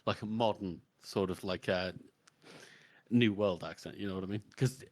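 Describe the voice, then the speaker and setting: A man's voice: low voice, moderate pace, a little mellow, dry recording. A man co-hosting a book podcast, explaining a point with stammers and self-corrections. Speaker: podcast co-host. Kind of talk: casual book discussion.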